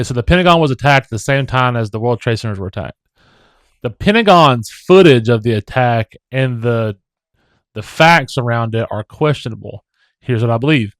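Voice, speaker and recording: A man co-hosting a casual podcast at an average pitch. He talks things through in a halting way and often restarts his words. His voice sounds dry and close, with no room around it. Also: dry recording. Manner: halting, repeats words when thinking. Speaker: podcast co-host. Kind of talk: casual chat.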